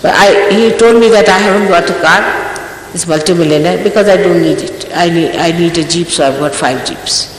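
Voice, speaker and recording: In an archival recording from an echoey hall, an older woman who is a spiritual teacher scolds her followers emphatically, firing off rhetorical questions. Her voice is fairly low and her pace moderate, with slight background noise.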